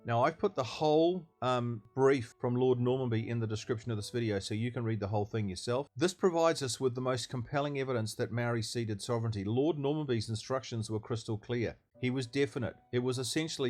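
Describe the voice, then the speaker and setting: A man's voice: medium pitch, fairly quick, hardly any pauses, darkish tone. A man presenting a scripted history explainer, emphatic and didactic, reading out quotations from old documents.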